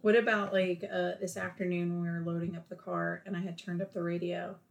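A woman's voice: fairly low pitch, little pitch movement, brisk, creaky. A woman in her thirties hosting a casual podcast, asking questions with a teasing, playful touch. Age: 30s. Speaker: podcast host. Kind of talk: casual interview chat.

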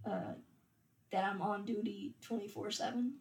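Raw-voiced mom with a gravelly edge. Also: female voice, medium pitch, fairly even intonation, moderate pace, reverberant. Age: 30s. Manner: candid, swears freely, trails off with "and stuff". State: voice raw from holding back tears. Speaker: podcast guest, mother of young girls. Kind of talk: casual chat.

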